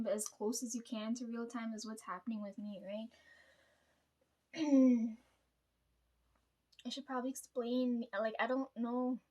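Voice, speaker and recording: A young woman with a fairly high voice speaks in a hushed, confessional ramble to her camera from home late at night. She keeps clearing her throat and tags her thoughts with a quick "right?". Her telling is loose and unpolished, full of restarts. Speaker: vlogger. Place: at home at night, parents downstairs.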